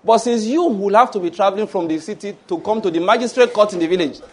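A pastor with a Nigerian English accent preaches a sermon, telling stories, acting out voices, and breaking into shouted mock prayers. His voice sits high and he talks fast.

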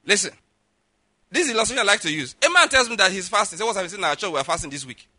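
A middle-aged man, a pastor preaching a sermon with lively acted-out stories, often saying "listen" and "all right". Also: high-pitched, racing, dry recording. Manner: lively, repeats "listen" and "all right", laughs at own jokes.

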